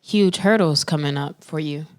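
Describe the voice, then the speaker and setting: A woman co-hosting a podcast in casual chat, playful and quick to laugh, with loose slang. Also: low voice, darkish tone, clean tone. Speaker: podcast co-host.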